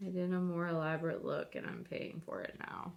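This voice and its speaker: A woman's voice: fairly low pitch, very animated, a little fast, gravelly, highs cut off. A woman vlogger chatting casually to viewers while doing her makeup, rambling and self-deprecating.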